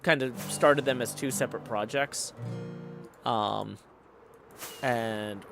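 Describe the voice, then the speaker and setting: A man's voice: medium pitch, slow pace, vocal fry, over music. A man hosting a game stream, rambling and joking casually while he plays. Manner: rambling, jokey.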